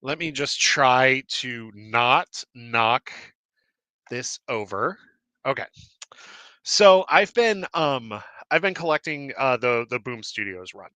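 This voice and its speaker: Man, live show host, excitable, rambling, slightly breathless, bright tone, dry sound. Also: mid-range voice, slow pace, no echo. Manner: rambling, excitable, many fillers and restarts. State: a little out of breath. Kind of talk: casual live show chat. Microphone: desk mic with cord.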